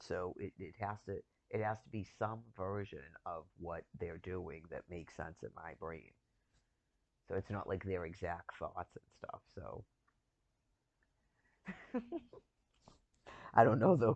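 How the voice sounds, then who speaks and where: A man with a low, gravelly voice chats casually, rambling from one thought to the next and chuckling often. His pitch swings widely as he tells it. The sound is dry and a bit dull, like a lo-fi recording. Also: animated, slow pace, long pauses, dry recording. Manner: rambling, chuckling, loose and profane. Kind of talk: casual chat.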